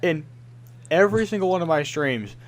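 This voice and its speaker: A man's voice: a little high, lively intonation, moderate pace, dry recording. A young man co-hosting a casual gaming podcast, ranting in frustration, swearing often and mimicking other players. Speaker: podcast co-host.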